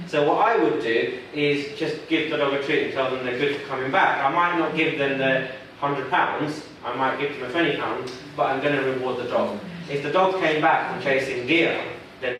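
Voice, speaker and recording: A man's voice: mid-range voice, fairly bright tone, slight background noise. A male dog trainer leading a workshop, conversational and asking the audience questions. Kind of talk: workshop teaching. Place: workshop room. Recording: echoey room from far off.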